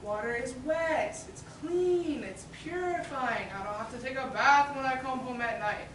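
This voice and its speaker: A brash, hustling street performer in a stage play. She has a sly, wheedling sales patter in a high voice. The sound comes from a distance in a very echoey hall with faint background noise. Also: moderate pace, fairly bright tone. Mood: proud.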